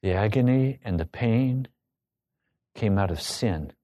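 A man preaching a sermon, telling a personal story with emotion that rises to loud pleading. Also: lowish voice, expressive, slow. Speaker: pastor.

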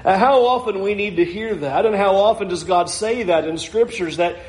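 Man, preacher, high voice, earnest and reflective sermon, roomy echo. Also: normal speed. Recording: echoey room.

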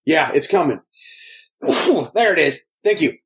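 A man co-hosting a podcast in casual chat, rambling and excitable, laughing often. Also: a little high, takes it slowly, slightly rough. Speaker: podcast co-host.

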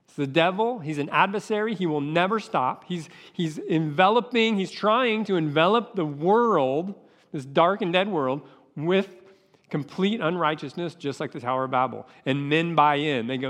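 A man's voice: fairly high pitch, moderate pace, a bit bright. A man preaching a sermon with passion, acting out voices as he goes. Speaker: pastor. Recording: long hall reverb.

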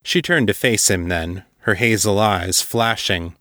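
Guy reading a story out loud, lowish voice, steady and measured, dry sound. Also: no echo. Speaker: story narrator. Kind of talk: audiobook-style fiction narration.

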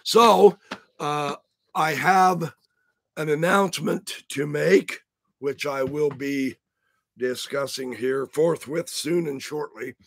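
A man with a raspy, gravelly, worn-out voice chats casually on a livestream. He talks slowly and playfully, greeting his viewers one by one, sitting close to a dry, unechoing mic. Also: on the high side, a bit bright, dry recording. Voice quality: raspy, rough voice. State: hoarse. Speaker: livestream host. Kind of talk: casual live-stream chat.

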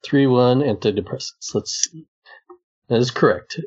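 A man hosting a casual podcast quiz, spelling out words slowly and reading the answers. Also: medium pitch, darkish tone, breathy edge. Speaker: quiz host. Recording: dull lo-fi recording.

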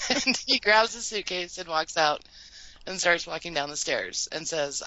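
A woman's voice: deep voice, moderate pace, pushed and bright, dry recording, muffled recording. A woman co-hosting a podcast, reading a scene-by-scene recap from her notes and laughing often between lines. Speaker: podcast co-host.

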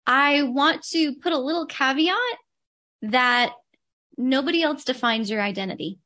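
A woman's voice: sits high, unhurried, bright, forceful tone. A woman guest who coaches on personal branding, speaking emphatically and repeating her key points to stress them. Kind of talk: interview conversation.

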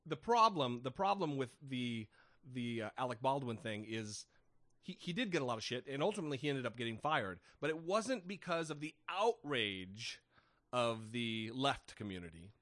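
A man's voice: medium pitch, big pitch swings, moderate pace, a bit bright, no room sound, studio quality. A man co-hosting a podcast in casual, opinionated chat, blunt, sarcastic and profane as he rants. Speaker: podcast co-host.

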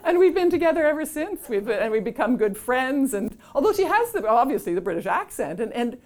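Lively, laughing woman telling a story. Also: high voice, fairly quick. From Canada. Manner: lively, laughing, self-deprecating, acts out quoted voices. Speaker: author telling a story to an audience. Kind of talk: anecdotal storytelling.

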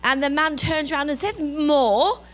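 A woman with an English accent giving a reflective sermon, softening her voice as she lists God's gifts. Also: high-pitched, measured pace, soft background music, low-quality recording. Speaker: preacher.

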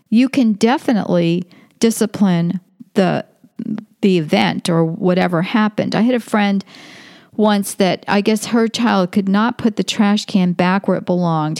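A woman's voice: medium pitch, a little mellow, no room sound, studio quality. A middle-aged woman, a homeschooling mother of five, giving earnest, faith-based parenting advice in a casual talk, working through numbered tips. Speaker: parenting guest.

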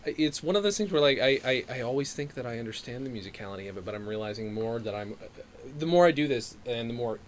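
A man hosting a podcast, mostly giving short affirmations and then talking quickly about comedy and music. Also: mid-range voice, slight background noise. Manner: frequent short affirmations, quick and lively when he talks. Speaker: podcast host. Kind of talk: casual podcast conversation.

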